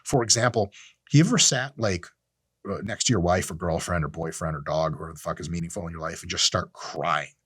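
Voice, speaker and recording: A man's voice: sits low, fairly quick, slightly rough, no echo, clean studio sound. A man hosting a podcast, talking casually in a blunt, profane, opinionated way. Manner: animated, acts out quoted voices. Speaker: podcast host. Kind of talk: casual monologue.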